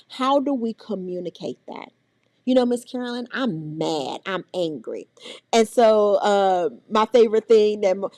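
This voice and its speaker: Lively woman trainer with a dry, close sound. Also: medium pitch, dry recording. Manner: animated, acts out scolding adults and children's voices. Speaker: early childhood trainer. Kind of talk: teaching a parenting workshop.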